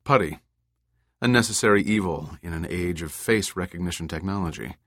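A man's voice: low voice, fairly quick, a bit bright, dry recording, studio quality. A man voicing a playful disguised adventurer in an audiobook, in a teasing, easygoing way.

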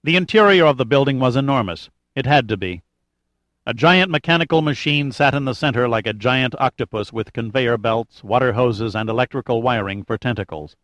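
A man reading a thriller audiobook in a measured, even narration. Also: medium pitch, no echo. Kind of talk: scripted narration.

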